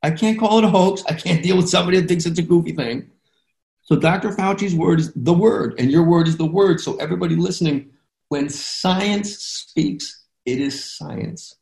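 The podcast host here has a slightly high, creaky, darkish voice and speaks at a moderate pace. Hosting an interview conversation, he comes across as passionate, emotional, and rambling, and the recording has a roomy echo.

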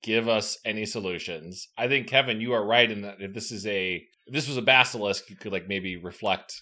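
A man's voice: lowish voice, fairly quick, pushed and bright. A man talking casually as a player in a game session, rambling and hesitant with many fillers. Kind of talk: casual chat.

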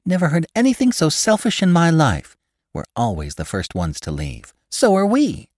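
A man's voice: sing-song, brisk, a little mellow, no echo, clean studio sound. A man voicing an indignant, complaining wife at a late party. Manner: shrill, complaining.

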